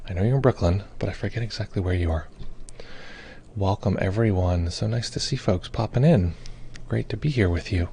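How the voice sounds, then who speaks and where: A man's voice: fairly low pitch, a little fast, vocal fry, mellow, a little hiss or hum. A man hosting a meditation live stream, chatting casually, greeting viewers and reading their comments aloud, with many fillers. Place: home or studio in Brooklyn.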